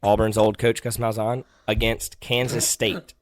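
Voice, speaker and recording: A man hosting a casual podcast chat, talking in a patient, gently teasing way as he explains things step by step. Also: on the low side, level tone, unhurried, a crowd in the background. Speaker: podcast host.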